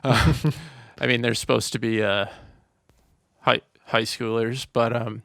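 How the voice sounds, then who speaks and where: Man, gravelly voice, smooth and full, casual rambling podcast chat, dry close mic. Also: mid-range voice, flat delivery, measured pace, a bit bright, dry recording. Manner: rambling, lots of "like" and restarts. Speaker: podcast co-host. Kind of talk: casual movie discussion.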